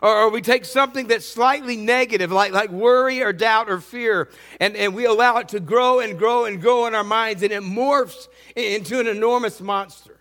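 A man's voice: high voice, moderate pace, few pauses, fairly bright tone, in a large hall. A middle-aged man preaching a sermon as pastor, earnest and often repeating words.

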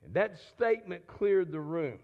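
High-voiced man preaching a sermon. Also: very animated, moderate pace, gravelly, narrow, tinny audio. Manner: conversational preaching, frequent repeated words and restarts. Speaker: pastor.

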